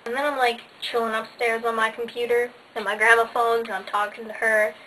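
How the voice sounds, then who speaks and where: A teenage girl rambles through her day in a casual home vlog, bubbly and sarcastic, her speech full of "like" fillers. Her voice sits fairly high. It was recorded on a camera mic a little distant from her, with a faint hiss underneath. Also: flat delivery, brisk, pushed and bright. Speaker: vlogger.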